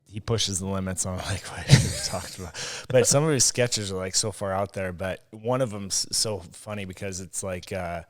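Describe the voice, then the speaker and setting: Low-voiced profane podcast co-host. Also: male voice, fairly even intonation, moderate pace, hardly any pauses. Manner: profane, rambling, laughs often. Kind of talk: casual chat.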